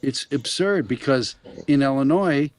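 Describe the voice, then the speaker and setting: A man's voice: medium pitch, measured pace, no echo. A man on a comedy podcast who wryly teases the others about their stories in casual banter. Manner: wry, teasing commentary. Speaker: guest comedian.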